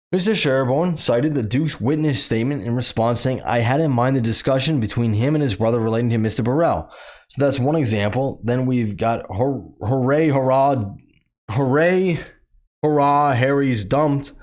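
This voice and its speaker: A man from the United States, with a voice of ordinary pitch, gives opinionated commentary on a news story. He reads excerpts aloud and breaks off to mock them with sarcastic remarks. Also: a little mellow. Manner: sarcastic, mocking, laughs at the story. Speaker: commentary channel host.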